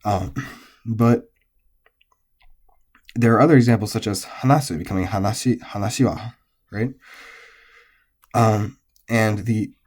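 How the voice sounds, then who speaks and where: A man explaining Japanese pitch accent in a patient, methodical lesson, with frequent fillers. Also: darkish tone. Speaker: language teacher.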